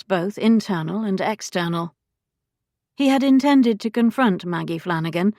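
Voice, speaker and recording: An audiobook narrator reads scripted narration in a low, gravelly, slightly mellow female voice. The recording is dry and of studio quality.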